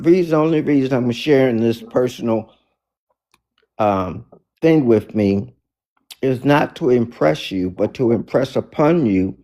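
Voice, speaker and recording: A man's voice: medium pitch, warm tone. A man giving an inspirational faith talk, emphatic and preachy, repeating his key phrases. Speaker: motivational speaker.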